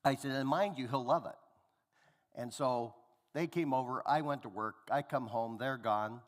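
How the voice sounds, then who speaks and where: A man's voice: medium pitch, moderate pace. Preacher guy telling family stories, acts out everybody's lines, big reverb church hall. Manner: animated storyteller acting out family dialogue. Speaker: pastor.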